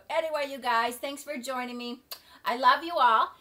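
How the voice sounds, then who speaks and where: A middle-aged woman vlogging casually, rambling and halting with many fillers and restarts. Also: high voice, pushed and bright. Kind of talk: casual opinion vlog. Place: at home near the beach.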